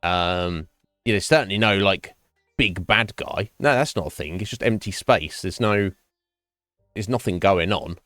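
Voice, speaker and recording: A man's voice: deep voice, unhurried, fairly bright tone, dry recording. A man streaming a game and chatting casually with his viewers, musing aloud with lots of fillers and restarts. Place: home streaming setup. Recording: dry close mic, faint game music behind.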